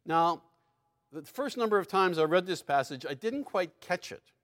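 A man preaching a sermon, his voice sitting a little high for a man. He reads scripture with strong emphasis, then drops into casual asides with small laughs. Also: lively intonation, normal speed, a bit bright.

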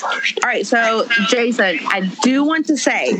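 A woman's voice: a little high, lively intonation, measured pace, heavy background noise. A woman delivering a comedy roast with brash, profane insults.

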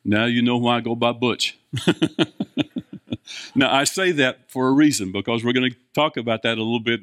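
A man's voice: fairly low pitch, a bit bright, no echo, studio quality. An older man, preaching a folksy sermon, chatting with the congregation, asking questions and chuckling often.

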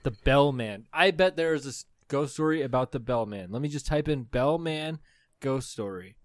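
A man's voice: mid-range voice, expressive, moderate pace, no echo, clean studio sound. A man co-hosting a podcast in casual, profane, rambling chat, a little tipsy after two beers. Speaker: podcast co-host.

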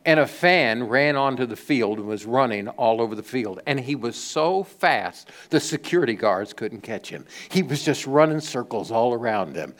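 A middle-aged man preaching a sermon as pastor, telling stories and stressing key words with sudden lifts and soft drops. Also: mid-range voice, expressive, normal speed, hardly any pauses. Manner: storytelling preacher with emphatic rises and soft drops.

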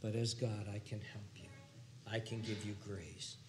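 A preacher voicing Jesus as a compassionate savior, speaking softly and consolingly in a hushed tone. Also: male voice, fairly low pitch, fairly even intonation, measured pace, background noise, pitched below the performer's own voice, close to an everyday voice. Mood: tender.

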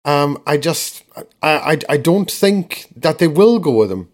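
Male co-host, higher voice, casual animated sports chat, laughs as he talks. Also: unhurried. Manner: animated, laughs while recapping, repeats words. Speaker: podcast co-host.

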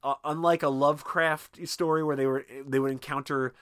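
A man's voice: fairly high pitch, little pitch movement, normal speed, a bit bright, no echo, clean studio sound. A man co-hosting a podcast, talking casually and animatedly about a movie, swearing often and using lots of fillers. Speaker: podcast co-host. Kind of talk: casual film discussion.

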